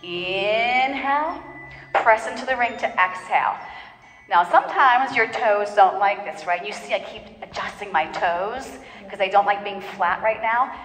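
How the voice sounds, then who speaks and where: A woman leads a pilates class, counting down reps and cheering her students on. Her voice is of middle pitch and rings out in a roomy space with a long reverb tail. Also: moderate pace, a bit bright, soft background music. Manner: encouraging, counts reps, coaching a class in the room. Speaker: pilates instructor. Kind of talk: live class instruction.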